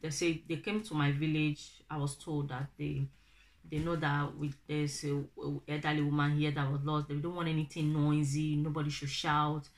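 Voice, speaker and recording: Animated Nigerian woman telling a story. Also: low-pitched, moderate pace. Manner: animated, acts out quoted family members in raised voices. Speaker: vlogger. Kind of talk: casual storytelling to camera.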